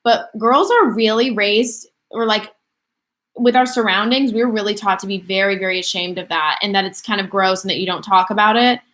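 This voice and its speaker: A woman's voice: medium pitch, normal speed, fairly bright tone. Young woman rambling on a livestream, chatty, lots of ums, answering chat. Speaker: livestream host.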